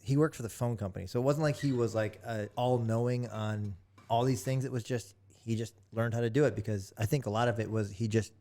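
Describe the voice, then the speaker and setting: A man's voice: medium pitch, fairly even intonation, a little fast, dark tone. A man talking casually as a podcast guest, rambling with many restarts into a studio microphone. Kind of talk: casual chat.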